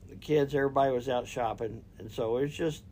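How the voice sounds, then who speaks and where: A man's voice: mid-range voice, fast talker, dark tone, a little hiss or hum. A middle-aged man telling a neighborhood story in casual chat, with lots of fillers and trailing phrases. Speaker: co-host.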